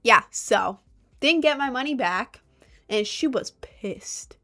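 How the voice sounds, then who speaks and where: A young woman in casual storytime chat, animated and exasperated, sometimes slipping into mock voices of others. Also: a little high, takes it slowly. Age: young adult. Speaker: vlogger.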